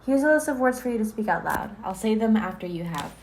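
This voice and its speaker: A woman's voice: mid-range voice, lively intonation, fast, darkish tone, a little hiss or hum, lightly acted. A woman playing an interviewer, speaking in a poised and lightly teasing way. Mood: polite. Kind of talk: amateur audio drama.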